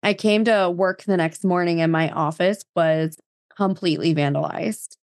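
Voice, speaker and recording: A woman's voice: fairly low pitch, normal speed, no room sound, clean studio sound. A woman in her thirties from New Jersey, a podcast guest telling her story in casual chat full of fillers and quoted dialogue.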